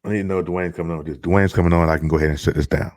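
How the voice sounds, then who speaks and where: Racing along in a low, slightly mellow voice with fairly even intonation, a middle-aged man hosts a live stream show from home. His casual chat is loose, packed with fillers and restarts, and a child can be heard nearby; there's no echo.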